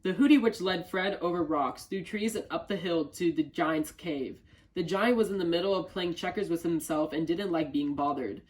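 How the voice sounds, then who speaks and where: A young man reading a children's picture book aloud with careful, even delivery and the odd small stumble. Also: on the high side, normal speed, rough recording. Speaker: volunteer reader.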